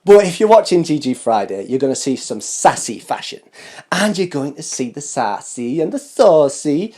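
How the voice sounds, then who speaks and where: A camp, chatty man hosting a fashion show straight to camera, teasing his viewers as he goes. His pitch swoops up and down all the time, over a warm, mellow tone, and he speaks into a studio microphone. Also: sing-song, moderate pace. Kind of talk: casual chat to camera. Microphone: studio microphone with foam cover.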